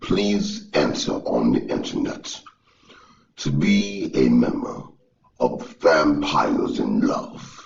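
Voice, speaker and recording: Brief: slow, seductive vampire count, gravelly, sweeping in pitch, echoey lo-fi sound. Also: male voice, lively intonation, faint music behind, heavily acted. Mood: sultry. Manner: slow, drawling, savoring. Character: seductive male vampire count, lurking at night. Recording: echoey lo-fi recording.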